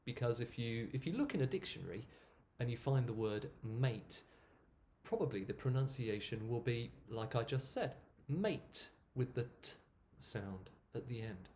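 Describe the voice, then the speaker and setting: A man's voice: mid-range voice, moderate pace, slight background noise. A man, an English teacher casually explaining spoken usage and demonstrating word sounds. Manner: relaxed, repeats words to demonstrate pronunciation.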